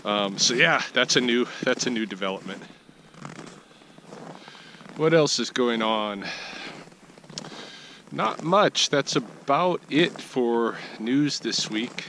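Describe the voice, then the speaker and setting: A man's voice: mid-range voice, animated, takes it slowly, long pauses, pushed and bright, low-quality recording. A man giving a casual weekly vlog update outdoors in his backyard, thinking aloud with plenty of fillers and restarts. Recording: outdoor ambient noise behind the voice.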